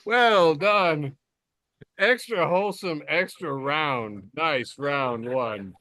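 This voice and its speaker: A man's voice: on the high side, slow, bright, forceful tone. A man hosting a podcast in casual chat, enthusiastic and cheering between segments. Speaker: podcast host.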